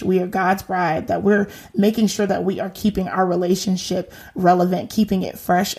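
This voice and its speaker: A woman in her thirties hosting a faith podcast, talking in a lively, slangy, encouraging way. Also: on the low side, vocal fry. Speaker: podcast host. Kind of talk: casual faith talk.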